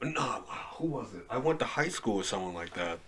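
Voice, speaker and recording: A young man hosting a casual podcast chat, giggling often and bursting into loud quoted lines. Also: lowish voice, big pitch swings, moderate pace, husky. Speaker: podcast host.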